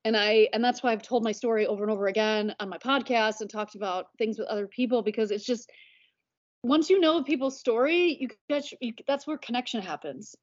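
A woman in her thirties with a fairly high voice talks casually as a podcast guest. She rambles warmly through her points and fills them with "like". The audio is a little dull and lo-fi. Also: brisk. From United States. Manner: chatty, many "like" fillers. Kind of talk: casual conversation.

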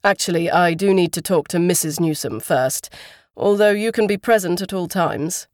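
A woman's voice: lowish voice, darkish tone, no room sound, clean studio sound, close to an everyday voice. A woman reading a polite, formal police constable. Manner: measured, official phrasing.

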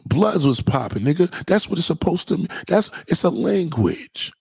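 Middle-aged New York man, husky and dry, swinging pitch, profane slang-heavy monologue. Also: normal speed, no echo. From New York City. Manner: profane, animated, heavy slang, repeats himself. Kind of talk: casual street-talk monologue.

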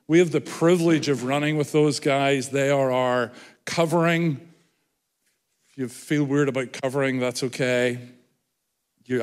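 An Irish man preaches to a congregation in a loose, joking, self-deprecating way. His voice sits at an ordinary male pitch and carries a long reverb from the large church hall. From Ireland. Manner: self-deprecating, jokey, chatty. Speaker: guest preacher. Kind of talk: sermon.

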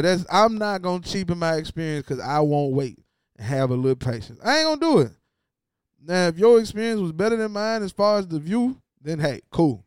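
A man's voice: a little high, clean tone, dry recording, studio quality. A man hosting his own podcast, talking in a casual, slangy way and repeating lines for emphasis. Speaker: podcast host. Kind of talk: casual solo podcast monologue.

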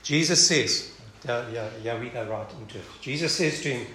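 A man's voice: medium pitch, quick pace, bright, forceful tone. A man teaching a Bible passage in a conversational sermon, thinking aloud and often restarting or repeating words. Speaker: preacher. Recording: echoey room, faint background noise.

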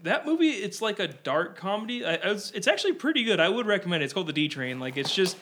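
A man's voice: sits high, sing-song, quick pace, fairly bright tone, slight background noise. A young man co-hosting a podcast, chatting easily about films and quoting scenes. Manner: laid-back, swearing, quotes movies. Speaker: podcast co-host. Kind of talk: casual chat.

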